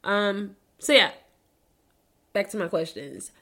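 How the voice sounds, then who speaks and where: A woman's voice: mid-range voice, slow pace, pushed and bright. A young woman hosting a casual solo podcast, talking candidly, swearing freely and laughing between serious moments. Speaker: podcast host.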